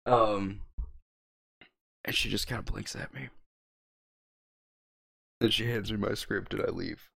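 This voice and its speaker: A young man casually telling a long, profane story with a wry, deadpan edge, co-hosting a podcast. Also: on the low side, slow pace, vocal fry, long pauses, husky. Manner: profane, wry, deadpan delivery of quoted lines. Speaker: podcast co-host.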